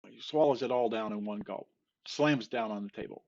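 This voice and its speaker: Gravelly, lo-fi man telling a rambling joke. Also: on the low side, fast talker. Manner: rambling, many fillers and restarts. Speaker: joke teller. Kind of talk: casual storytelling.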